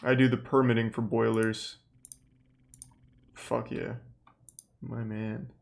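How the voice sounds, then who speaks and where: Man, livestream commentary, incredulous, sarcastic, profane, average pitch. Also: little pitch movement, slow pace, creaky. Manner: sarcastic, swearing, incredulous reactions. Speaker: streamer.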